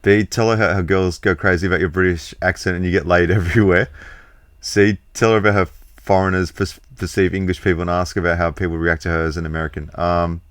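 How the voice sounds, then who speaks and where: A man's voice: sits low, flat delivery, fast talker, no echo, studio quality. A man streaming a game, reading out the answer choices in a casual way and laughing often. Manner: laughs a lot, reads out choices. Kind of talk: casual let's-play commentary.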